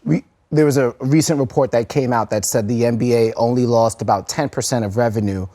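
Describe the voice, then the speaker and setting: A man's voice: mid-range voice, steady tone, a little fast, dark tone. An American man co-hosting a podcast, steering the chat with questions and segment setups. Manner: leads with questions, sets up segments. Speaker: podcast co-host. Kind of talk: casual interview chat.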